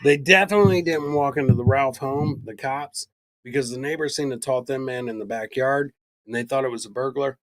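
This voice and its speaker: A middle-aged man co-hosting a podcast, telling a true-crime story in a loud, profane, jokey way. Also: medium pitch, brisk. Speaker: podcast co-host. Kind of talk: casual true-crime chat.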